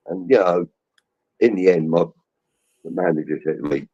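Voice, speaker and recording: Over a video call, a man co-hosts a casual podcast, telling rambling football anecdotes and acting out other people's voices. His voice is low, warm, and slightly rough, at a normal speed with frequent pauses, and the stream audio sounds dull and lo-fi.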